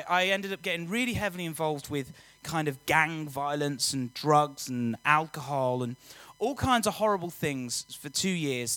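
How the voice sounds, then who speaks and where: A young man giving a lively, joking personal testimony talk to students, often quizzing the audience. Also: fairly high pitch, dry recording. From England. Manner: energetic, jokey, audience-engaging. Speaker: youth speaker.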